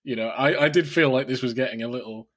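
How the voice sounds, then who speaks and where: Man, podcast co-host, casual, profane, animated, bright voice. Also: medium pitch, fast talker. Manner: swears a lot, laughs often, animated. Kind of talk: casual film chat.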